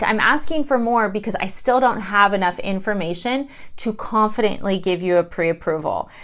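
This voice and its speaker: A middle-aged woman, a mortgage loan officer, explaining in a casual vlog and acting out little dialogues as she goes. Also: medium pitch. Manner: animated storytelling, acts out dialogue.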